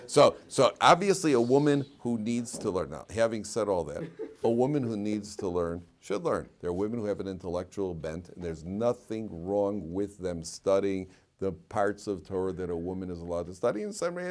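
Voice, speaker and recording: A man, a rabbi teaching a lively class and telling stories, laughing often and repeating himself. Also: on the low side, normal speed.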